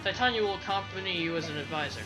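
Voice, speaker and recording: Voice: mid-range voice, very fast, lightly acted, poor audio. A let's play commentator voicing a stern veteran mercenary commander who gives curt orders, with game music playing behind. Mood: commanding.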